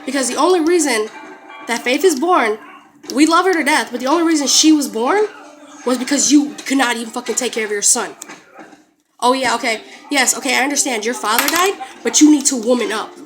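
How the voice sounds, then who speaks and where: A woman's voice: high-pitched, a little fast, a bit bright. A young woman angrily confronting her in-laws, cursing and sarcastically quoting them. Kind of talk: angry confrontational rant to family.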